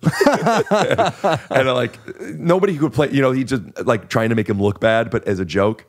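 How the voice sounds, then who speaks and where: In a podcast studio, a male host in his thirties with a lowish voice talks fast, spinning a long, rambling story in casual chat while questioning himself along the way.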